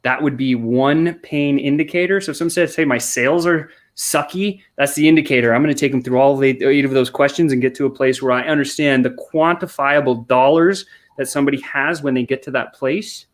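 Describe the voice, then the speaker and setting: Fast-talking man coaching on sales. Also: mid-range voice. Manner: energetic, acts out customer quotes, many restarts. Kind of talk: podcast conversation.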